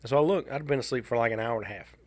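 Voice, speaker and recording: A man with a drawl tells a long personal story on a casual podcast. His pitch sits in the middle of the male range. He stops and restarts his sentences often, and his tone stays candid and dryly wry. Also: very fast. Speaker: podcast co-host.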